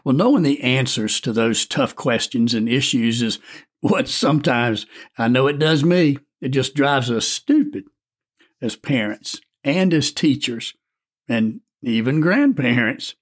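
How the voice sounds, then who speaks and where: A man speaking as a storyteller, musing in a gentle way before he reads a story aloud. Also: medium pitch, animated, a little slow. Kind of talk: reflective talk and storybook reading. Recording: faint music underneath.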